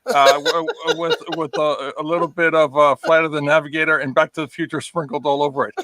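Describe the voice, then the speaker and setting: Halting, sarcastic male guest. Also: a little high, level tone, sharp tone. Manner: halting, full of uh, dry sarcastic. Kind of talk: casual livestream chat.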